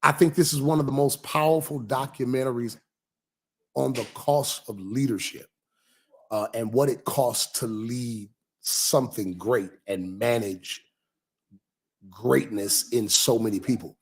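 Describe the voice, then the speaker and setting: Gravelly, husky-voiced pastor chatting. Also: male voice, mid-range voice, measured pace. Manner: reads viewer comments aloud and answers them; animated, dropping to near whispers. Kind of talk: casual livestream chat.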